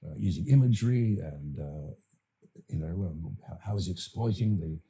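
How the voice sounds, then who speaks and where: Older man, Australian accent, gravelly, dark tone, thoughtful and halting. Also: low voice. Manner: thoughtful, halting, many fillers and restarts. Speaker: actor and director, guest. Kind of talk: podcast interview.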